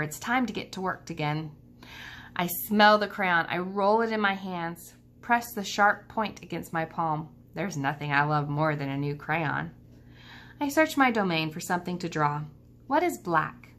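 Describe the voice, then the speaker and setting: A woman teacher reading a children's novel aloud, calm and steady. Her voice sits a little low and even, paced for young listeners. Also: a little hiss or hum. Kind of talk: children's book read-aloud.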